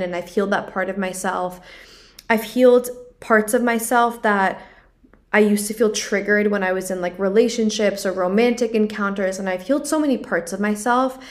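A young woman hosting her own podcast, talking through a personal story in an earnest, confessional way, with lots of "like" fillers. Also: medium pitch. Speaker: podcast host. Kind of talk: personal reflective monologue.

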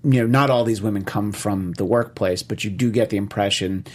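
A man's voice: fairly low pitch, fairly quick. A man discussing an old film in casual conversation, rambling with many fillers and restarts.

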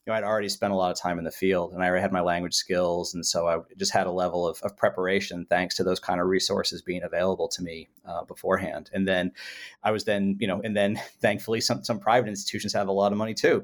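A man's voice: deep voice, level tone, fast talker. A man, a guest academic, recalling his research path in a rambling, self-correcting way. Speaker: guest author. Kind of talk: academic interview answer.

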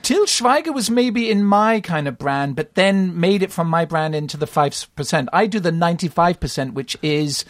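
A man's voice: a little high, moderate pace, few pauses, no room sound, studio quality. A man with a slight Dutch accent, chatting and telling stories as a podcast guest, laughing often. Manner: animated storyteller, laughs often. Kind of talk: casual chat.

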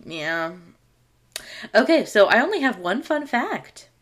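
A woman's voice: medium pitch, very animated, takes it slowly. A woman co-hosting a podcast, chatting casually and recapping a sitcom episode, laughing often. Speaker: podcast co-host.

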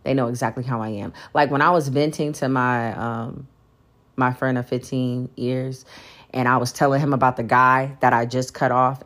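A woman hosting a solo podcast, venting bluntly and profanely about dating and everyday life, speaking. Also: very deep voice. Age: adult. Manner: blunt, profane, emphatic storytelling. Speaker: podcast host.

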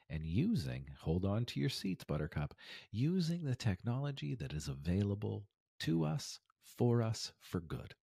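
A man hosting an inspirational podcast in a casual monologue, swinging from loud emphasis to near whispers. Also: on the low side, vocal fry, slightly rough, no echo, studio quality. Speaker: podcast host.

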